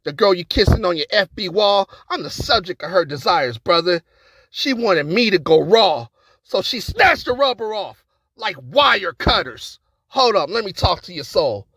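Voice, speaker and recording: A man's voice: sits high, very animated, moderate pace, bright, forceful tone, no room sound. A man performing a battle rap verse with an aggressive, taunting delivery. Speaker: battle rapper.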